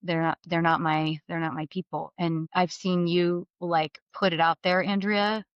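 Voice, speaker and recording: A middle-aged woman with a fairly low voice, talking as a guest on an interview podcast. She tells lively stories, jumps into the voices of the people she quotes, and laughs as she goes. The sound is dry and slightly dull. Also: a little slow, clean tone, dry recording. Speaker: guest, mortgage business leader. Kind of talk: candid storytelling interview.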